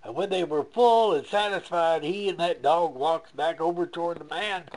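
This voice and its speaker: A man telling a folksy tale in a relaxed, plain-spoken way, chuckling often. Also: fairly high pitch, moderate pace. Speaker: storyteller.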